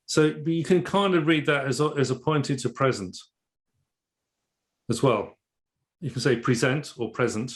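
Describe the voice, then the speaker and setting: A man's voice: medium pitch, normal speed. Man musing over a tarot card. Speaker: tarot teacher. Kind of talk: casual explanatory discussion.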